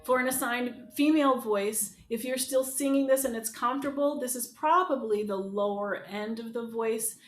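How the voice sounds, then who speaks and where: A woman's voice: fairly high pitch, normal speed, few pauses, faint music behind. A woman voice teacher leading an online group lesson, upbeat and encouraging, talking to people in the chat. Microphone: video call. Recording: echoey room with keyboard.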